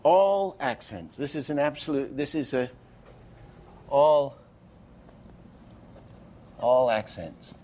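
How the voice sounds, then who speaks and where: A man's voice: medium pitch, expressive, takes it slowly, long pauses, mellow, slight background noise. A man giving an animation masterclass lecture, explaining with false starts and counting frames aloud. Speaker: animation teacher.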